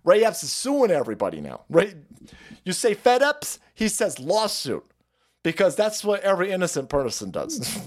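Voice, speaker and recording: A man with a high voice and huge pitch swings hosts a livestream at normal speed, crudely ranting about politics. Foul-mouthed and rambling, he stammers, restarts, mocks, and laughs at his own jokes while reading out and thanking chat viewers.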